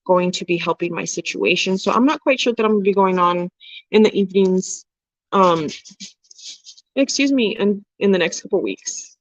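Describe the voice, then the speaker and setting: A woman's voice: fairly low pitch, no echo. A woman in her forties chats frankly with her livestream viewers, reading their comments aloud and laughing often. Her talk is loose and candid, with casual swearing. The sound is dry and a little dull, recorded close with almost no room around it. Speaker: livestream host.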